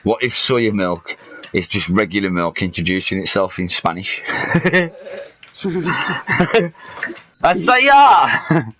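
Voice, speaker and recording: A man's voice: low-pitched, moderate pace, a bit bright. A man hosting a livestream, chatting casually and playfully while gaming, often laughing at his own jokes. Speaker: livestream host.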